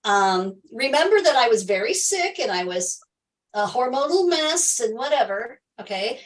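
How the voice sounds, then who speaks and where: A woman's voice: on the high side, fairly bright tone, recorded from a distance, rough recording. Emphatic woman telling her story. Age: middle-aged. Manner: emphatic, repeats key phrases, laughs often. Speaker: health coach hosting a livestream. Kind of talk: casual personal story to viewers.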